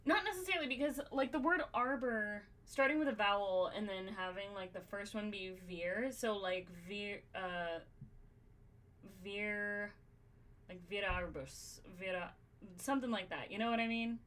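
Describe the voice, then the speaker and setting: A woman's voice: mid-range voice, normal speed, fairly bright tone. A woman hosting a podcast, brainstorming in casual chat, swearing freely and thinking aloud with lots of fillers. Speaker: podcast host.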